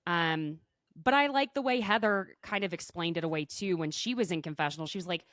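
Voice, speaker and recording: A woman hosting a podcast, recapping a show in a chatty, animated way full of quick asides. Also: on the low side, no echo, clean studio sound. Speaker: podcast host. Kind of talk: casual recap chat. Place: podcast recording.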